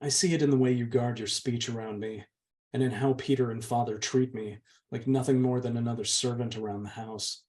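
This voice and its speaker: A man reading aloud, voicing a meek and gentle young woman who pleads softly with her older sister. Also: medium pitch, steady tone, fairly quick, lightly acted. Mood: sad. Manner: soft, pleading. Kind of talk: audiobook reading.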